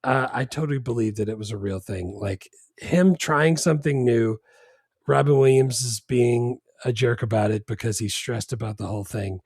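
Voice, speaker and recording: A man with a slightly husky voice co-hosts a casual movie podcast. He rambles in a laid-back way, full of fillers and restarts. The sound is dry and close, with no room around it. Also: medium pitch, normal speed, darkish tone, dry recording. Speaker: podcast co-host.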